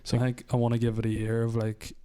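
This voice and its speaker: A young man, chatting on a podcast and thinking aloud with hesitant pauses. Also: medium pitch, monotone, warm tone, clean tone. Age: young adult. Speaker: podcast co-host. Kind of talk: casual chat.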